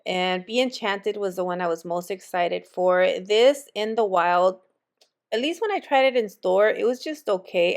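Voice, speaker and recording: A woman's voice: medium pitch, clean tone. A woman vlogger chatting casually with viewers as she walks through a shop and shows them what's on the shelves. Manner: chatty, friendly, addresses viewers as friends. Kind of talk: casual store walk-through chat. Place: retail store.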